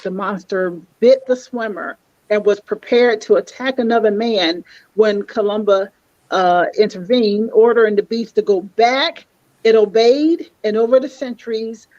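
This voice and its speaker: Woman panelist, measured recounting, dry muffled lo-fi audio. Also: mid-range voice, darkish tone, dry recording. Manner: relaying facts in a measured way. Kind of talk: casual panel discussion.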